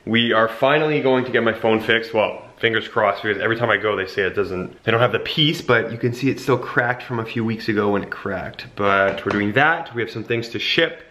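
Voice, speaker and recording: A man's voice: fairly low pitch, brisk, few pauses, bright, forceful tone, a little hiss or hum. A young man casually vlogging to a handheld camera outdoors in the snow and at home, chatty and at times out of breath. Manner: chatty, breathless after shoveling. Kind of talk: casual vlog chat.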